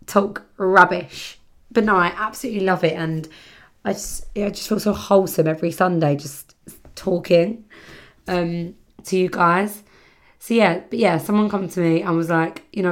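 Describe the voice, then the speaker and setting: A British woman hosting a casual solo podcast, chatting in a rambling way, full of fillers and self-corrections. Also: fairly low pitch. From Britain. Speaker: podcast host. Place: home setting near the seaside.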